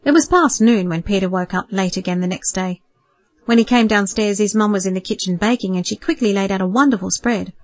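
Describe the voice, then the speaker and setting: A woman narrating a novel in a calm, measured storytelling voice, read close to the mic. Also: medium pitch, dry recording. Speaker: audiobook narrator. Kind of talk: scripted narration.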